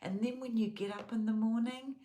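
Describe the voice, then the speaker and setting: A woman's voice: on the high side, steady tone, a little fast, mellow. A woman hosting a guided bedtime journaling video, talking in an earnest, spiritual and rambling way with many restarts. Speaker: journaling channel host. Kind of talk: casual guided journaling talk.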